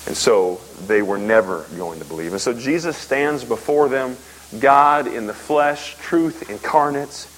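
A man preaching a sermon, emphatic, asking rhetorical questions and swinging from loud peaks to low, quiet lines. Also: unhurried, rough recording. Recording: faint hiss.

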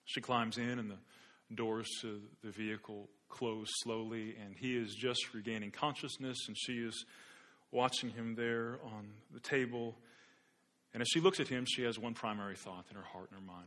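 Guy pastor preaching, bright clear tone, earnest storytelling, repeats a word now and then. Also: lowish voice, fairly even intonation, normal speed. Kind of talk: sermon with story illustration.

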